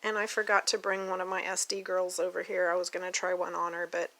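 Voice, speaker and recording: A woman from Oklahoma, speaking with an Oklahoma accent, chats and gushes her way through a casual unboxing vlog at a table at home, talking to her dog along the way. She is a doll collector vlogger with a lowish but fairly bright voice, a completely flat delivery, and a fast pace. The audio quality is poor.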